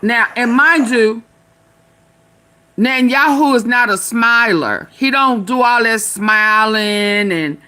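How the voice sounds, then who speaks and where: A woman's voice: a little high, slow, pushed and bright. A woman hosting a casual live stream, talking back at video clips with sassy, loose slang.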